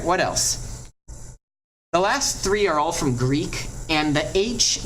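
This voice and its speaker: A man teaching Latin pronunciation, talking at an unhurried, slow pace and stretching out each example word. His tone is chatty and encouraging, and there is a faint hiss under his voice. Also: fairly high pitch, poor audio. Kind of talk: classroom lesson on pronunciation.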